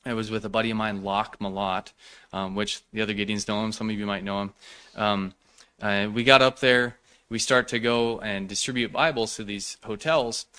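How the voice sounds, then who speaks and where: Man, mid-pitched, preaching sermon, casual storytelling with animated quoted lines. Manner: conversational, frequent fillers and restarts, animated when quoting others. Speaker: preacher sharing a ministry story.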